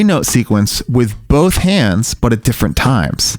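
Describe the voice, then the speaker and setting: A man teaching drum technique in a recording studio, counting beats out loud in an easygoing way as he plays. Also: mid-range voice, moderate pace, few pauses, soft background music. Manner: relaxed, counts beats aloud while playing. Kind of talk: instructional demonstration with counting. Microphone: studio mic near the drum kit.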